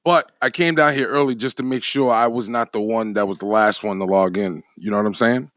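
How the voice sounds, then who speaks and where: A man's voice: on the low side, brisk, fairly bright tone, dry recording, clean studio sound. Laid-back man chatting on a podcast. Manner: laid-back, keeps asking "you know what I'm saying". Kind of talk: casual chat.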